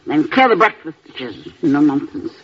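An actress playing a domineering, sarcastic old aunt who is an invalid, in a vintage radio drama. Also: female voice, low-pitched, big pitch swings, moderate pace, breathy edge, heavily acted. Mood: scolding. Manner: sharp, scolding, sarcastic. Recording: muffled old radio recording.

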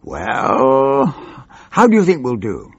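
A man's voice: medium pitch, wildly swooping pitch, slow pace, slightly rough, no echo, lo-fi sound, pitched above the performer's own voice, exaggerated voice. A man voicing a scowling, snarling male chief whip. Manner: snarling, brusque.

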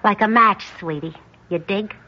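A woman's voice: mid-range voice, moderate pace, sharp tone, a little hiss or hum, close to an everyday voice. An actress playing a cagey young beatnik woman who talks in hip slang, in a 1950s radio drama. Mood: hushed, cagey. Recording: dull old radio recording.

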